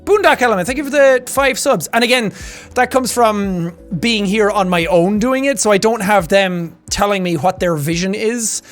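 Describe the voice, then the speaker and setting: A young Irish man chatting casually on a stream, animated and quick to laugh. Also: high-pitched, faint music behind. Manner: animated, chatty, laughs often, slips into character voices.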